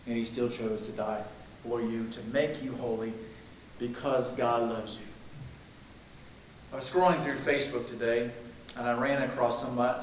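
A man preaching a sermon, emphatic, swinging between loud declarations and hushed lines. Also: fairly high pitch, a little hiss or hum. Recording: very echoey room, mic at a distance.

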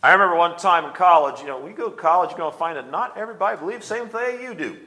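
Middle-aged Midwestern male preacher, bright forceful tone, lively anecdotes and scripture reading. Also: high-pitched, very fast. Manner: animated storytelling, reads scripture aloud with rising force. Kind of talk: sermon.

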